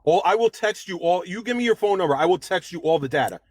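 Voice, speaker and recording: Agitated high-voiced man arguing. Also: expressive, quick pace, no room sound. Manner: rambling, agitated, swears. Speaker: debate caller. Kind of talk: heated online debate.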